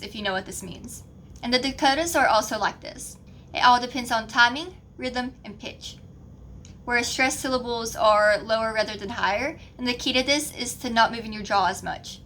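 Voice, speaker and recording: Young Southern woman, chatty student presenter, bright and slightly high. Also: slight background noise. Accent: Southern American. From American South. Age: young adult. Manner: chatty, informal explaining. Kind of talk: class project narration.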